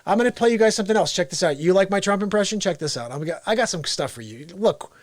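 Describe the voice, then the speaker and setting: A man hosting a live-streamed casual talk show, excitable and salesy, talking straight to his viewers. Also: high-pitched, fast talker, no room sound. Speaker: host.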